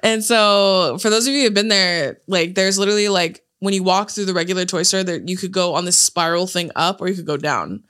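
A woman's voice: on the low side, a little fast, few pauses, a bit bright. A woman co-hosting a podcast, telling stories animatedly in casual chat with lots of swearing and laughter. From Hawaii. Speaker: podcast co-host.

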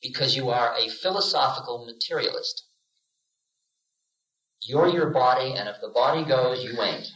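A man's voice: mid-range voice, moderate pace, pauses often, fairly bright tone. Man giving a spiritual lecture in a roomy 1970s recording. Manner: storytelling, playful, acts out little voices. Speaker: spiritual teacher.

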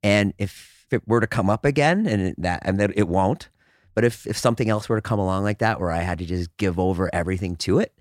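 A man's voice: on the low side, quick pace, dry recording, studio quality. A man chatting as a podcast guest, talking loosely with lots of "like" and restarts. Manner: animated, filler-heavy talk with many restarts. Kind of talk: casual chat.

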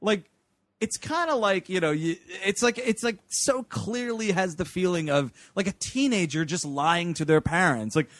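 Male co-host, high and lively, jokey, dry close mic. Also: moderate pace, dry recording. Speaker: podcast co-host. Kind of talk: casual comedic movie recap.

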